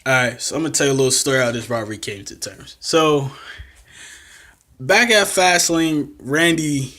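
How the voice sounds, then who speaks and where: A man's voice: mid-range voice, normal speed. A young man talking casually through his predictions for wrestling matches, laughing often and acting out what the wrestlers said. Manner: excitable, laughs often, acts out quotes. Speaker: wrestling fan vlogger.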